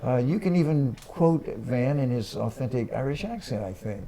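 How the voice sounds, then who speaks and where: A man's voice: mid-range voice, animated, normal speed, vocal fry, crowd noise. A male host asking friendly, prompting questions in a casual interview on a living-room studio set.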